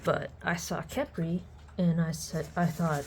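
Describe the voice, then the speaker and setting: A woman chatting casually as she unboxes a collectible on her channel, excitable and sometimes dropping to soft murmurs. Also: fairly low pitch, a little slow, background noise. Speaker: unboxing vlogger.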